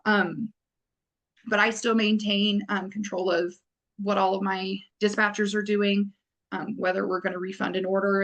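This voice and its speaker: A woman's voice: mid-range voice, a bit bright. Woman, business owner guest, rambling and wordy, casual podcast chat. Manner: wordy, rambling, many fillers.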